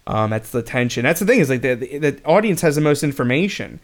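A man talks films in a loose, conversational way, circling back and restarting his sentences as he retells behind-the-scenes stories. His pitch sits right in the middle for a man. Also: very animated, quick pace. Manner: rambling, with many restarts and retold quotes. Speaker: podcast co-host. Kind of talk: casual film commentary chat.

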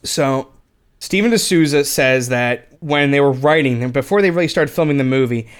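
A man's voice: mid-range voice, moderate pace, clear, resonant tone. A man co-hosting a casual film podcast, rambling with many restarts and retelling what others said. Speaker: podcast co-host. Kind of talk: casual film commentary chat.

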